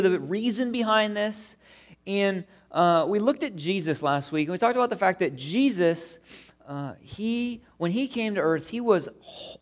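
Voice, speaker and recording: Conversational male pastor, higher voice. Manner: conversational, storytelling with acted-out quotes. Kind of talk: sermon.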